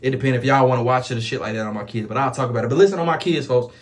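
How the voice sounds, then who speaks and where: A man's voice: mid-range voice, slight background noise. A man with a Chicago accent telling a story in casual street slang, swearing oaths as he goes. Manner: rapid, animated street slang with repeated oaths. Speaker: storyteller vlogger.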